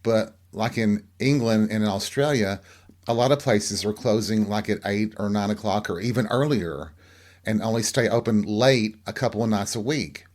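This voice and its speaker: A man's voice: on the low side, moderate pace, darkish tone. A middle-aged man from Tennessee, hosting a podcast alone in candid, campy, chatty storytelling. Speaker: podcast host. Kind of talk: casual solo chat.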